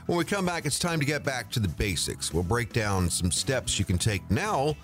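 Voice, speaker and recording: A man hosting a radio talk show in a lively, promotional way, bringing in a guest and reading out contact details. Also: mid-range voice, normal speed, soft background music. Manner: lively, promotional, reads phone numbers.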